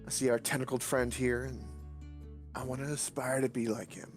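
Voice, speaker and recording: A man's voice: mid-range voice, level tone, moderate pace, faint music behind. A man playing in a tabletop game, rambling as he describes his character's actions and laughing often. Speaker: player.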